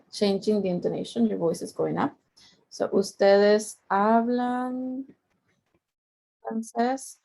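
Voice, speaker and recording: A woman's voice: medium pitch, gravelly, darkish tone. A middle-aged woman teaching a Spanish lesson, patiently repeating each point and drawing out the example words. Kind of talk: language lesson.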